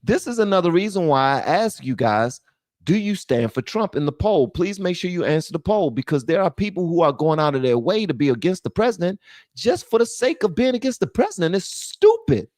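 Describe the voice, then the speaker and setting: A male host of a solo commentary show who rants bluntly and profanely. His pitch swings widely, and the sound is dry and close, with no room echo. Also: big pitch swings, a little fast, a little mellow. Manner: blunt, profane ranting, calling out viewers.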